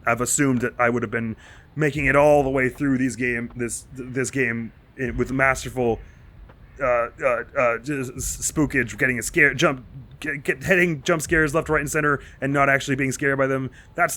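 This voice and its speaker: Male let's-play host, bright tone, rambling nervous horror commentary, panicky mumbles under stress. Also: medium pitch. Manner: rambling and self-mocking, jittery with nervous asides. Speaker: gaming channel host.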